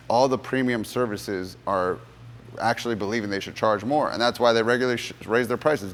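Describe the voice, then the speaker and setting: Low-voiced man leading a sales workshop. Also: brisk, in a large hall. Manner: animated storyteller, acts out courtroom voices. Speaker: gym sales workshop leader. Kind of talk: motivational workshop talk with storytelling.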